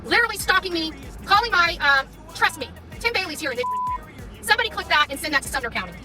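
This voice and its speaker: A very high-voiced woman rants quickly and combatively from her car, repeating her taunts. She sits a little back from the phone, and clear music plays behind her. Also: expressive, distant mic. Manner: heated, confrontational, repeats taunts. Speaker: live streamer. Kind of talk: angry live-stream rant and confrontation. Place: in a car in traffic.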